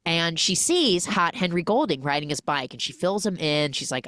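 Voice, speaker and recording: A woman hosting a podcast, chatty and animated as she recaps a film and acts out the characters' lines. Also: on the low side, normal speed, hardly any pauses. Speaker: podcast host.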